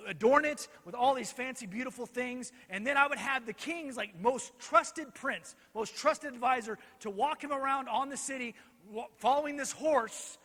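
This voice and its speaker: A man's voice: extremely high pitch, normal speed, bright, forceful tone, exaggerated voice. A man playing a vain, whiny ancient official who boasts about himself, in a reverberant hall. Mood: self-important.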